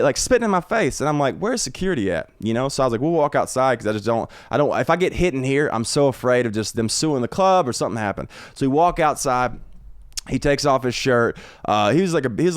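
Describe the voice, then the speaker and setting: A man's voice: medium pitch, expressive, fast, no room sound. A man, a guest comedian, telling a rambling, profane story full of restarts on a podcast recorded in a home studio.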